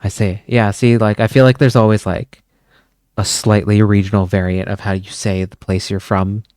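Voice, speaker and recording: A man's voice: lowish voice, flat delivery, moderate pace, a little mellow, dry recording, studio quality. A man streaming, chatting casually with his viewers, rambling and swearing as he goes. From Canada. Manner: rambling, swears often, chuckles.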